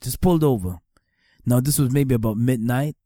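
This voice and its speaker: Earnest mellow-voiced New man. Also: mid-range voice, normal speed, dry recording, studio quality. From New York, Staten Island. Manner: earnest, repeats phrases for emphasis. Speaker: speaker giving testimony. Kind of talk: personal testimony.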